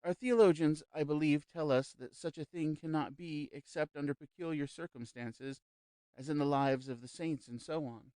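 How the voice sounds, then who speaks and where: A man's voice: fairly high pitch, normal speed, mellow, clean tone, no room sound, pitched above the performer's own voice, natural voice. A man voicing an earnest, somewhat defensive young man in an audiobook, speaking with some hesitation. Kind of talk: audiobook character reading.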